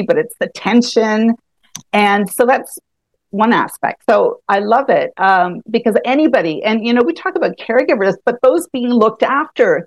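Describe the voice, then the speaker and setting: A woman talking through a calming self-help technique in an easygoing interview. She is animated, laughs often and restarts her sentences as she goes. Her voice is mid-pitched and sounds dry and close. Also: creaky, dry recording. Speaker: EFT tapping practitioner, guest. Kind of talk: conversational explaining.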